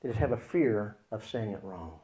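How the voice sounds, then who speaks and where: A man teaching as a Christian counselor, explaining with acted examples and swinging between loud and hushed delivery. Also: lowish voice, expressive, normal speed.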